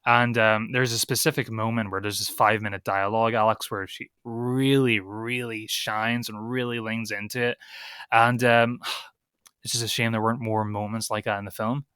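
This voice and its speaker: Bright, crisp Northern Irish young man. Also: lowish voice, moderate pace, no room sound, studio quality. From Northern Ireland. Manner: opinionated, animated film critique. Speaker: podcast co-host. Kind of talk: casual film podcast chat.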